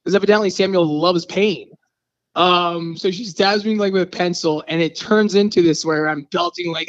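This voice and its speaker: A male actor guest tells an animated story on the radio, slipping into the voices of each scene. His voice sits fairly high. The sound is dull and lo-fi. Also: moderate pace, raised voice. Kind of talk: radio interview.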